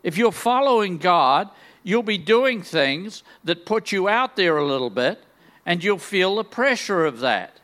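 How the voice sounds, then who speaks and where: A man's voice: high-pitched, very animated, measured pace, fairly bright tone. An older man preaching a sermon in a large church, enthusiastic and full of joking, self-deprecating asides. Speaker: guest preacher.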